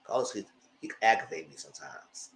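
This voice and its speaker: A man's voice: deep voice, expressive, fairly quick, fairly bright tone, slight background noise. A man giving a casual live review of a reality TV show, retelling scenes with exasperation and cursing.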